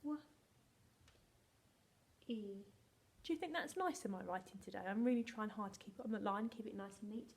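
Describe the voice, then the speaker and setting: An English woman teaching a remote phonics lesson to young children, playful and animated, slipping into whispers and sounding out words slowly. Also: on the high side. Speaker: primary school teacher.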